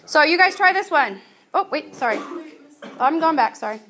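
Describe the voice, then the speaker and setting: Female teacher with a high voice, casual and patient in a classroom lesson. She stretches her example words out. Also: animated, a bit bright. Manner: chatty, patient explaining, drawing out example words slowly. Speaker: Spanish teacher. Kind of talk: recorded classroom grammar lesson.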